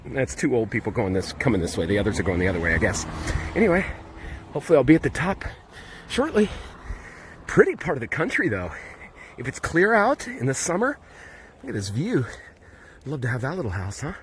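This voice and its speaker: A very animated man with a medium-pitched voice talks briskly, pausing often, as he hikes up a steep road for his travel vlog. He's chatty and out of breath, thinking aloud, and the audio includes outdoor ambience and background noise.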